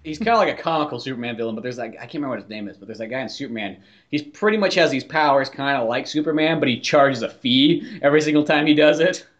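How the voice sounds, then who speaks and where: A man's voice: mid-range voice, lively intonation, fast talker, muffled recording. A man co-hosting a podcast in casual chat. He rambles, swears freely and leans on "like" fillers. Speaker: podcast co-host.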